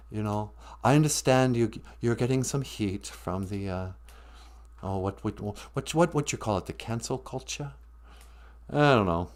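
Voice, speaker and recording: A man's voice: medium pitch, a little mellow. A man hosting a comedic podcast, talking in a casual, playful way. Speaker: podcast host.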